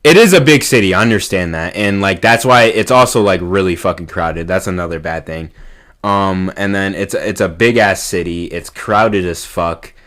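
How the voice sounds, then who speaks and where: A young man with a very low voice rambles about his city. He leans on filler words and swearing as he talks. He sinks into quiet mumbles and then bursts out loud. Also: moderate pace. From New York. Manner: rambling, profane, full of fillers; swings between mumbling and loud exclaiming. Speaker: vlogger. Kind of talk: casual rant to camera.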